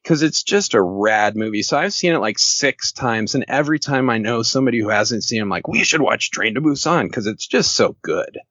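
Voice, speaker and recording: A man's voice: lowish voice, lively intonation, a little fast, hardly any pauses, fairly bright tone, no echo. A man talking casually as a podcast guest, joking and rambling and laughing often. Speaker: podcast guest, horror author. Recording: dull lo-fi podcast audio.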